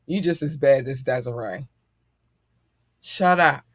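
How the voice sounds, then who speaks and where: A middle-aged man hosting a casual podcast chat, animated and profane and quick to laugh. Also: mid-range voice, breathy edge, no room sound, studio quality. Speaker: podcast host.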